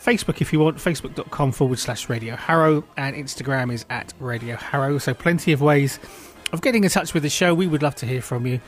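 A man's voice: mid-range voice, quick pace, hardly any pauses. A man hosting a community radio show, chatting in a jovial, friendly way. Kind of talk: casual radio chat. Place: radio studio.

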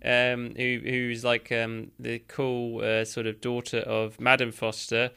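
A man's voice: medium pitch, monotone, slow, creaky, bright, forceful tone, clean tone. A man co-hosting a casual chat, talking enthusiastically and rambling with fillers. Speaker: podcast co-host. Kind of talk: casual chat reviewing a cartoon.

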